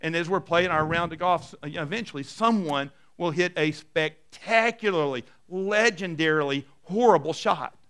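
A middle-aged male pastor preaching a sermon and telling stories, dropping soft and low for quoted lines. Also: normal speed, few pauses, clear, resonant tone.

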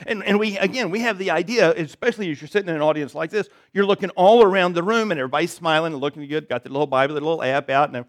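A man's voice: a little high, rapid-fire, few pauses. A man preaching a sermon to a church congregation, conversational and self-deprecating, often checking in with "right?". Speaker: pastor. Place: church service before a congregation.

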